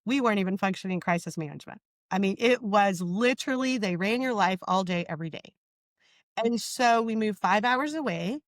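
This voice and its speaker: A woman with a mid-range voice speaks as an interview guest, earnest and emphatic, often pausing to check in with her listener. The sound is close-miked and dry. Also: medium pitch, dry recording. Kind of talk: conversational storytelling in an interview.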